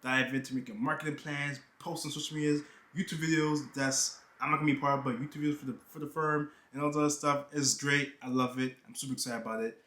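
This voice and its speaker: A man's voice: mid-range voice, steady tone, fast talker, few pauses, pushed and bright, roomy sound. A young man from New York chatting casually in a vlog, joking around and leaning on "you know" asides. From New York, United States. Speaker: YouTuber. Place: half-unpacked room with boxes and bags.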